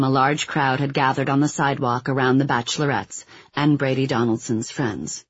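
Man reading true crime, husky and dry. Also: mid-range voice, no room sound, lo-fi sound. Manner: even, measured reading; quotes read with little acting. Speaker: audiobook narrator. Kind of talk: scripted nonfiction narration.

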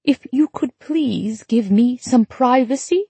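Woman voicing a polite lady, slow, soft, mellow tone. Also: on the high side, husky, no room sound, pitched above the performer's own voice, full character voice. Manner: slow, measured, courteous. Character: polite adult woman asking for privacy.

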